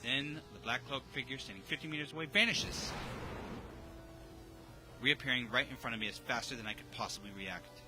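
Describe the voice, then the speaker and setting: A man streaming a visual novel, reading its text aloud and reacting with excitable, jokey, sometimes sweary comments. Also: medium pitch, brisk, long pauses, over music, rough recording.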